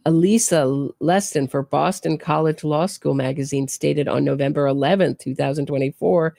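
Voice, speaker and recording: A woman hosting a true crime podcast speaks at a normal pace in a low, dark voice with a gravelly creak. Her remarks are sarcastic and disbelieving, punctuated by pointed questions, and the close, dry recording carries no room sound.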